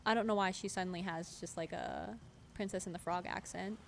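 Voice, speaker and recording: A woman's voice: lowish voice, fairly even intonation, brisk, gravelly, noisy background. A woman streaming a video game, chatting casually with her viewers in a playful, teasing way. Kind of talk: casual gameplay livestream chat. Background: game music.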